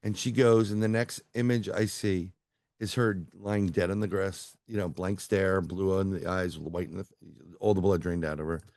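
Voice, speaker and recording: A man's voice: deep voice, steady tone, moderate pace, a little mellow, no room sound, studio quality. A middle-aged man, a psychic medium, telling a rambling story over a video call and acting out the other people's lines. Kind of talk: casual storytelling interview.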